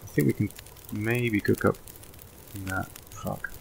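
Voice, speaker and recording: A man giving casual, thinking-aloud commentary while playing a video game, drifting into relaxed, rambling asides. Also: fairly low pitch, slow pace, gravelly, slight background noise. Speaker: let's play host.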